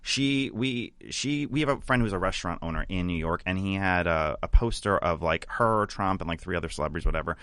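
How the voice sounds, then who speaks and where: Guy on a podcast spilling a juicy story, lowish voice, lots of likes and ums. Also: brisk, hardly any pauses, a bit bright, smooth, no room sound, clean studio sound. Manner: chatty gossipy storyteller, many fillers. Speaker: podcast guest. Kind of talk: casual storytelling chat.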